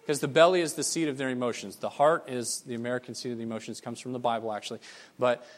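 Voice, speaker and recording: A man preaching a sermon as a missionary, telling stories in an animated, emphatic way. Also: mid-range voice, quick pace. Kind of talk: storytelling sermon.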